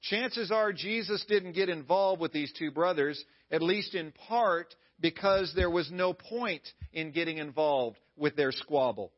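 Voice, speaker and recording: A man's voice: fairly high pitch, measured pace, hardly any pauses, lo-fi sound. A male pastor preaching a sermon at a church service in a conversational way, with playful asides to the congregation.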